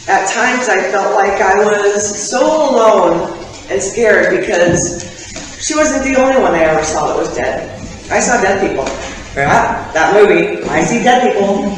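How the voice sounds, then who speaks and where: A woman's voice: medium pitch, animated, unhurried. A woman sharing her personal faith testimony with a church congregation, candid and conversational, with ums and laughing asides. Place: church sanctuary. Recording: echoey hall, voice from far off the mic.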